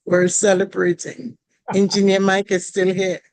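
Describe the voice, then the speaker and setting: A woman hosting an online panel on a video call, giving an emotional, grateful thank-you speech with a hoarse, worn-out voice and many pauses. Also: mid-range voice, monotone, darkish tone, dry recording, rough recording.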